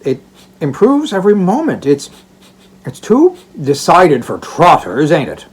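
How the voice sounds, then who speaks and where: A man voicing a jolly, excitable poor old porter in an audiobook, chuckling as he talks. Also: on the high side, a little slow, slightly rough, voice pushed up, exaggerated voice. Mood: guessing. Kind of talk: audiobook reading.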